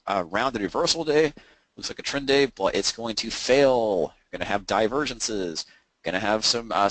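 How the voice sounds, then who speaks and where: A man's voice: lowish voice, a bit bright, no room sound, rough recording. A man coaching traders in a webinar, explaining step by step in a conversational way, with frequent fillers and restarts. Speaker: trading coach presenting a webinar. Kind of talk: webinar presentation.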